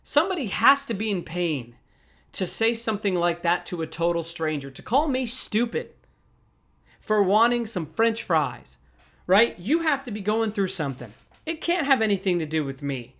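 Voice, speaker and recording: This motivational talk on dealing with anger comes in a mid-range, fairly bright voice that's very animated at a normal speed. Talking straight to listeners, the speaker repeats key lines for emphasis in a warm, conversational, encouraging way.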